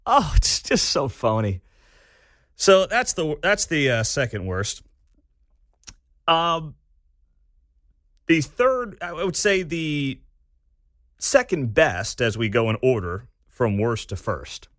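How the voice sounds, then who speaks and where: A male talk radio host delivers animated, sarcastic, mocking commentary, his pitch swinging all over. His voice is bright and forward, and he speaks slowly with frequent pauses. The studio recording is dry and close.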